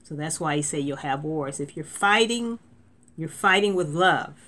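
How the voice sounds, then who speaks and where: Low-voiced woman preaching a sermon. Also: animated, moderate pace, bright, forceful tone. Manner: conversational preaching with restarts and sudden emphatic lifts.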